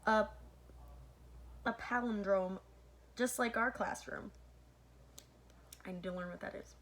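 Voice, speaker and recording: A woman's voice: medium pitch, slow, a bit bright. Woman reading a children's novel aloud. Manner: stops to comment to listeners between passages; corrects her own slips mid-sentence. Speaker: read-aloud host.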